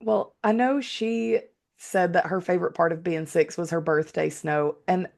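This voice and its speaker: Woman, 30s, podcast co-host, low gravelly voice, relaxed and sincere. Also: moderate pace. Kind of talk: casual chat.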